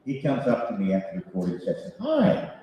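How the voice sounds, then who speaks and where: A man in his sixties, a voice actor on a convention panel, telling animated, self-mocking stories with chuckles. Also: low-pitched, rapid-fire, highs cut off. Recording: echoey hall picked up from far off.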